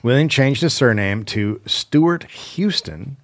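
A man's voice: medium pitch, lively intonation, takes it slowly. A man co-hosting a comedy history podcast, reading notes with stumbles and wry asides. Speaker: podcast co-host.

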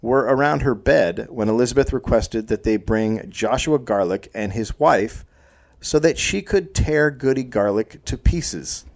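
A man hosting a comedy podcast, narrating a historical story in a deadpan way, with jokey asides. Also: mid-range voice, measured pace.

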